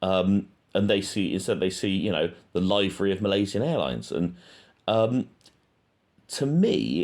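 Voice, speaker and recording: A man's voice: low-pitched, darkish tone. A man hosting his own channel, talking through his thoughts in a casual monologue, hesitant and full of ums. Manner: hesitant, thinking aloud with frequent ums. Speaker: true-crime channel host.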